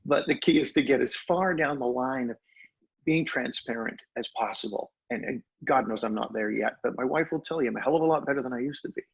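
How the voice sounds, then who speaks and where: Older guy telling stories on a podcast, gravelly husky voice, kinda lo-fi dull audio. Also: fairly quick. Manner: animated storyteller, expressive pitch jumps. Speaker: guest, hypnosis trainer. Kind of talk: storytelling in conversation.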